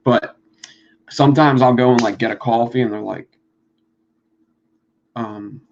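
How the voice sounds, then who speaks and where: Teaching coil building on a live stream, a man with a Philadelphia accent talks fast and loose, swearing freely and rambling. His mid-pitched voice is steady and darkish, with a gravelly fry. The audio sounds dull and lo-fi.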